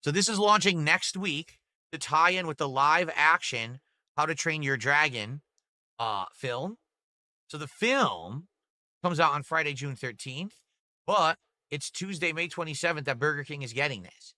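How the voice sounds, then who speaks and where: A man's voice: a little high, lively intonation, measured pace, sharp tone, no echo, clean studio sound. A middle-aged man hosting a livestream, chatting casually and reading out his viewers' messages and tips. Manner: rambling, talks to chat and reads out tips. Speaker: livestream host.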